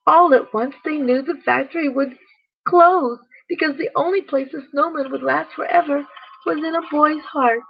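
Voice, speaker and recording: A woman reading a bedtime story aloud, gently speaking to the children listening. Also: high-pitched, dry recording, dull audio. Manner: slow, gentle, addresses children directly.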